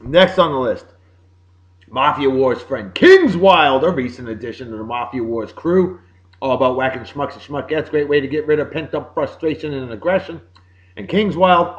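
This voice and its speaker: A man with a Boston accent hosting a casual show, giving upbeat, jokey birthday shout-outs. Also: medium pitch, lo-fi sound. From Massachusetts. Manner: upbeat, jokey, sing-song greetings. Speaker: podcast host.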